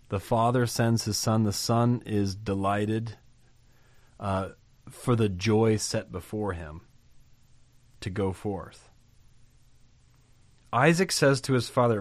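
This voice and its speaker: Low-voiced man preaching a sermon. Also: animated, takes it slowly, long pauses, no echo. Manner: reads scripture aloud, then comments conversationally with asides. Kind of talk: sermon on a Bible passage.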